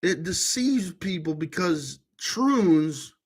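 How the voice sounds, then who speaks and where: A man's voice: high-pitched, lively intonation, slow pace, slightly rough. A man vlogger talking in a rambling monologue to camera, full of restarts and trailing fillers.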